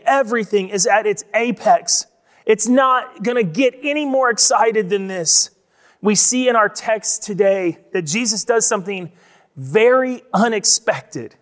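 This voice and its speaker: Guy pastor with a pretty high voice, chatty sermon, says things twice for emphasis, big echoey church hall. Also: a bit bright. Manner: conversational, repeats words for emphasis. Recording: long reverb of a large hall.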